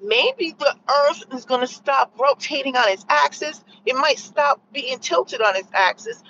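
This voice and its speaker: A woman's voice: sits high, unhurried, pushed and bright, muffled recording, a little hiss or hum. Sarcastic woman vlogging from a car. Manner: sarcastic, rambling, lots of fillers. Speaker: vlogger sharing opinions. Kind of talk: casual opinion monologue.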